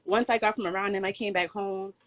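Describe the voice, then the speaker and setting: A young woman chatting casually about a personal experience, relaxed and full of "like". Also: medium pitch, quick pace. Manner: relaxed, filler-heavy, says "like" a lot. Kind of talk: casual chat.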